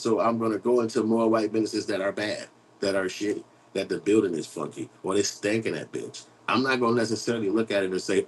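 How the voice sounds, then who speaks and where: A man's voice: mid-range voice, a little mellow, slight background noise, poor audio. A man hosting an online commentary show, talking in a blunt, profane, rambling street style while reading and answering chat.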